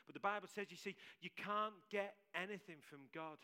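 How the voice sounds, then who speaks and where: Bright-voiced, high male preacher in church. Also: a little fast, smooth. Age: adult with several children. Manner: emphatic, repeats key phrases. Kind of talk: sermon.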